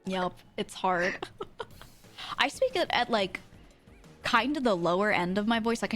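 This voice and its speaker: A woman's voice: medium pitch, expressive, measured pace, long pauses, a bit bright, soft background music. Woman streamer, casual and giggly, swoops up and down as she talks. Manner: giggly, laughs often. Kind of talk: casual chat.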